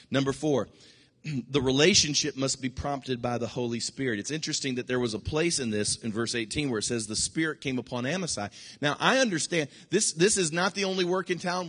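A man preaching a sermon as pastor, animated, with sudden high bursts and hushed asides. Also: husky, big-room sound.

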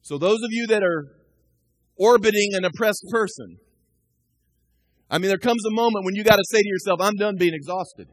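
A man preaching a sermon as a pastor, impassioned, swinging from shouts down to low, quiet passages. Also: brisk, long pauses, no room sound, rough recording.

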